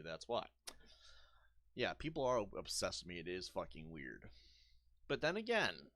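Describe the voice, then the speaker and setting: A man's voice: mid-range voice, fairly bright tone, no echo, clean studio sound. A man streaming a video game who rants in a combative, profane and sarcastic way. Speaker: gaming streamer. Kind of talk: casual rant over gameplay.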